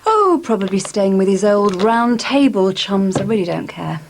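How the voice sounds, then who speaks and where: A woman's voice: medium pitch, expressive, moderate pace, slight background noise, natural voice. A middle-aged woman playing a polite, slightly flustered neighbour in a 1990s TV soap.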